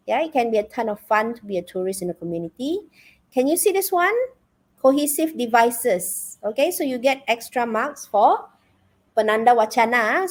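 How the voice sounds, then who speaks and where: A woman with a Malaysian English accent teaches an online English class, her voice pitched a little high. She talks in a lively, animated way and often stops to check in with her students. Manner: lively, checks in with "okay?" and "yeah?". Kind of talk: live webinar lesson.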